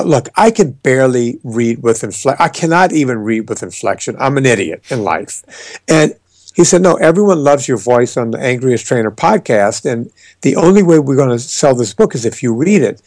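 A man's voice: medium pitch, no echo. A man, a fitness trainer and author, telling stories in a casual podcast interview with emphatic, joking delivery. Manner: animated storyteller, emphatic and joking.

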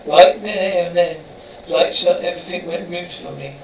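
A man recounts events as a reality game show contestant, in an excitable, rambling confessional. His voice sits fairly high and comes from some distance off the mic. The sound is roomy and dull, with a faint hiss underneath. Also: normal speed, creaky.

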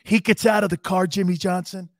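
A man's voice: sits high, fairly even intonation, fairly quick, gravelly, dry recording, studio quality. A man in his fifties hosting a sports talk show, telling profane, laughing anecdotes in casual chat.

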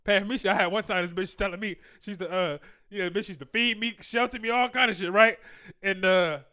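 This man's voice sits high and steady, a little fast, with a sharp, clean tone. He delivers a casual monologue of crude, bragging dating advice, full of slang and laughs, performing the dialogue from his own exchanges.

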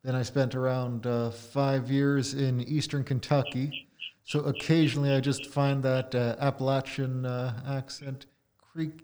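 A man's voice: mid-range voice, fairly even intonation, moderate pace, darkish tone. An American man with a Midwestern accent, talking casually as a podcast guest. He is dry and self-deprecating. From United States. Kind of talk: casual chat.

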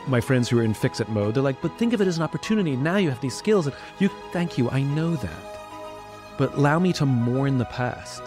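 Reflective man talking candidly. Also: medium pitch. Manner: reflective, blunt, animated when quoting others. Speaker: podcast guest. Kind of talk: candid conversational talk.

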